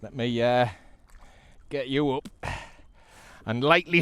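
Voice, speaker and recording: This kayak angler, North East English in accent, chats away to the camera while fishing at sea, laughing often and addressing the fish with excitement. He speaks slowly in a smooth mid-range voice, with no room sound.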